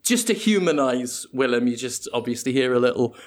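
A man's voice: mid-range voice, lively intonation, brisk. A man hosting a comedy podcast, rambling playfully through an absurd improvised story and laughing at his own jokes. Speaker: podcast host.

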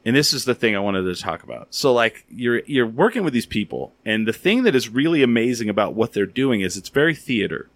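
A man hosting a podcast, telling stories in a casual, animated, rambling way with a lot of filler words. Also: mid-range voice, brisk, few pauses, no echo. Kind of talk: casual storytelling and interviewing.

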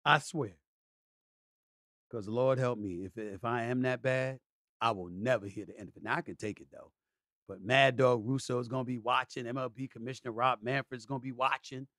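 A middle-aged man hosting a sports talk show, talking emphatically and repeating himself, with sudden loud, excited outbursts. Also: mid-range voice, brisk, dry recording, studio quality. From New York City. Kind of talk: casual monologue.

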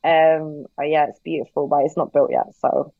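A woman's voice: low voice, fairly even intonation, normal speed, creaky, no room sound. Chatty English woman, dull remote line. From England. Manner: chatty, lots of "like" fillers and swearing. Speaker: podcast guest. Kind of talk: casual chat.

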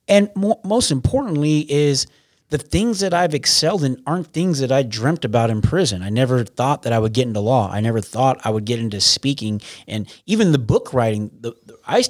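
A man's voice: mid-range voice, big pitch swings, a little fast, no echo. Rambling man in a dry close recording. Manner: rambling, with frequent restarts and profanity. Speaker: podcast guest. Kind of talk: casual conversational interview.

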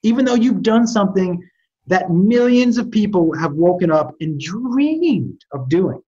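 In a relaxed chat, a man appearing as a podcast guest recounts stories with lots of energy, frequently stumbling and starting over. He speaks unhurriedly in a high voice with a dark tone, and the recording is lo-fi.

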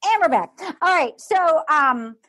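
A woman's voice: high-pitched, animated, unhurried, sharp tone. A woman co-hosting a podcast, chatting casually and acting out what people said. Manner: chatty, acts out quotes in voices. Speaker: podcast co-host. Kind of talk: casual chat recapping a reality show.

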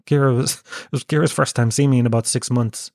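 A man's voice: medium pitch, steady tone, fairly quick, darkish tone, no room sound, clean studio sound. A sick, worn-out Irish man hosting his own podcast, rambling in a self-deprecating, sweary way. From Ireland. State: ill and worn out. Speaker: podcast host. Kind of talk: casual solo podcast monologue.

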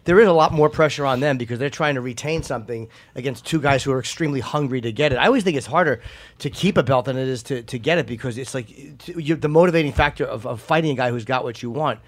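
A man hosting a podcast, asking quick, searching questions with restarts. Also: medium pitch. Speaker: podcast host. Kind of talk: casual interview questions.

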